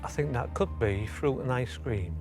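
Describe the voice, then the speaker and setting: A man's voice: medium pitch, moderate pace, music in the background. A man quiz contestant, answering carefully and tentatively in a TV studio.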